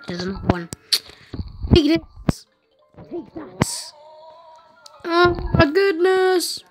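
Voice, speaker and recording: A woman with a voice on the high side narrates her gaming casually from home. She gets excited and panicky, firing off repeated words in rapid bursts.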